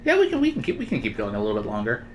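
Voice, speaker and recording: A woman's voice: extremely low pitch, huge pitch swings, rapid-fire, background noise. A woman reading game dialogue and commenting casually, self-mocking and hesitant. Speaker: gaming streamer.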